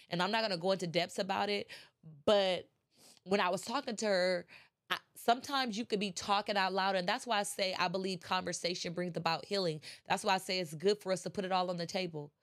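Speaking fairly quickly in a lowish voice, this woman hosts a podcast with a casual motivational talk. Allergies leave her congested and nasal, and her chatty manner sometimes swells into passionate preaching.

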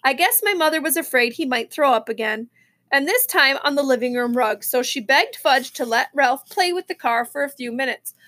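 High-voiced woman reading a children's book. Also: moderate pace. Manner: expressive, with small slips and restarts. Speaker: reader. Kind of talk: reading a children's novel aloud.

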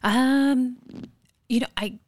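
A woman's voice: high voice, fairly even intonation, takes it slowly, no room sound, clean studio sound. A woman from California telling stories in a casual interview, chatty and quoting others as she goes. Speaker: guest, forensic investigator.

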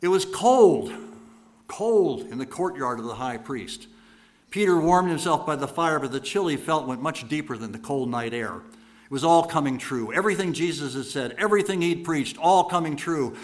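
A man preaching, retelling stories dramatically with rhetorical repetition, moving between loud bursts and hushed lines. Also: on the high side. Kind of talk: dramatic sermon storytelling.

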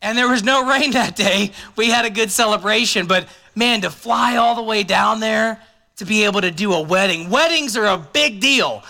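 Preaching in a relaxed, conversational style, this male pastor keeps things light with joking asides. His high voice is creaky yet rings very bright and sharp, and he speaks at normal speed.

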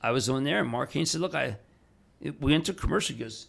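An older man telling animated stories as a podcast guest, excitable, bursting into fast runs and acting out other people's lines. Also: medium pitch, creaky. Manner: excitable, fast bursts, acts out quoted voices. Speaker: guest, TV financial personality. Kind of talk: animated storytelling in a podcast interview.

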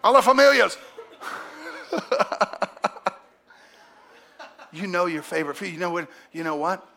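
A middle-aged man preaching as a pastor. He swings between shouted exhortation and hushed, intimate passages, and he calls on the congregation to answer back. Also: high-pitched, lively intonation, measured pace, vocal fry. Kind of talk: sermon.

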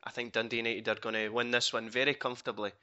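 A man's voice: medium pitch, little pitch movement, quick pace, sharp tone, muffled recording. A Scottish man hosting a casual podcast chat and teasing his co-hosts. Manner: teasing, runs the segment. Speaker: host.

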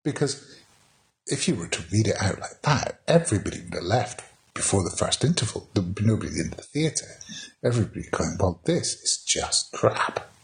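A man with a lowish, sing-song voice speaks fairly quickly, giving an informal spoken lesson on poetry. He's chatty and wry, restarting often as he reads verse aloud.

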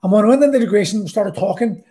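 A man's voice: sits high, racing, warm tone. Middle-aged belfast guy telling his story, blunt and sweary, rambles a lot. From Northern Ireland. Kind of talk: personal storytelling.

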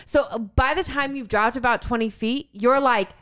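A woman's voice: a little high, moderate pace, a bit bright, smooth. A young woman telling a story in casual chat, acting out quotes, swearing and laughing as she goes. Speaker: podcast co-host telling a story.

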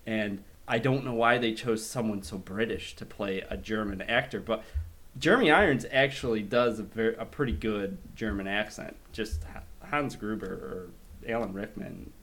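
A man in casual conversation about films, chatty and quick to laugh, with frequent restarts. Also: fairly low pitch, fairly bright tone. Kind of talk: casual chat about movies.

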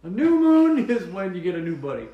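A man co-hosting a podcast, rambling through absurd mock explanations in a deadpan way and laughing at his own jokes. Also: high-pitched, brisk, reverberant, muffled recording, a crowd in the background. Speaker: podcast co-host. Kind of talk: joking casual chat.

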